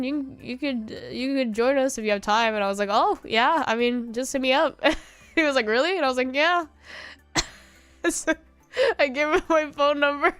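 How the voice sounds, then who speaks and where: Young female streamer, casual rambling chat, smooth tone, dry mic. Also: a little high, dry recording. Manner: rambling storytelling with laughs and quoted voices.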